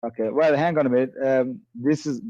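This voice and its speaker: A man with a mellow, fairly high voice holds his ground in a debate, staying calm and asking again and again to read aloud. The audio sounds dull and lo-fi but dry, with no room echo. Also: fairly quick. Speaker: debate guest. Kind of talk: heated debate.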